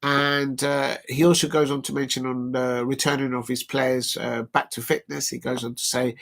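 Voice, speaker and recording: A man's voice: mid-range voice, little pitch movement, normal speed, gravelly, hardly any pauses, fairly bright tone. A tired man hosting a casual football watch-along stream, rambling with many fillers as he reads out quotes. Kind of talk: casual live-stream commentary.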